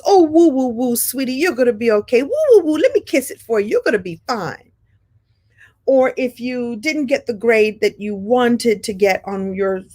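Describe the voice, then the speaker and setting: Female host, 50s, casual warm storyteller, playful pitch leaps. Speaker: show host. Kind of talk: casual monologue to camera.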